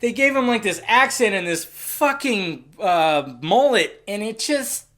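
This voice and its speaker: Profane, excitable young film reviewer. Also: mid-range voice, a little slow. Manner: profane and excitable, swinging from muttering to shouting. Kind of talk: casual ranting film review.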